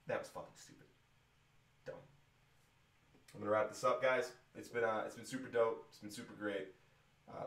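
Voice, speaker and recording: Frustrated man ranting in an echoey room. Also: mid-range voice. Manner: frustrated, profane, rambling with restarts. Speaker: musician venting to viewers. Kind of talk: casual rant to camera. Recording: echoey room, distant from mic.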